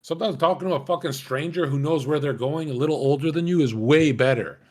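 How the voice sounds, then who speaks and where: A man's voice: a little high, quick pace, warm tone. A young man telling personal stories in a casual, candid way, swearing freely and laughing now and then.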